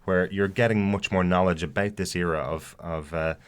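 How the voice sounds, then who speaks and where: A man's voice: deep voice, steady tone, moderate pace, clean tone. A man co-hosting a podcast, chatting casually about a TV episode with frequent fillers and restarts. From outside the US. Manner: hesitant, many fillers and restarts. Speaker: podcast co-host. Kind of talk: casual TV review chat.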